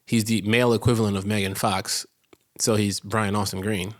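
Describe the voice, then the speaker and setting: A man co-hosting a casual rewatch podcast, recapping episodes, laughing often and jumping up in pitch to act out characters. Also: flat delivery, moderate pace. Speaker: podcast co-host.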